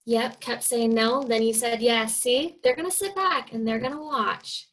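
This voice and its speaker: A woman's voice: fairly high pitch, measured pace, fairly bright tone, low-quality recording. A young woman from Oregon, speaking as a guest on a team video call, chatty and full of fillers, often acting out the people she quotes. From Oregon, USA. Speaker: guest speaker, fitness coach. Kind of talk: casual team call talk.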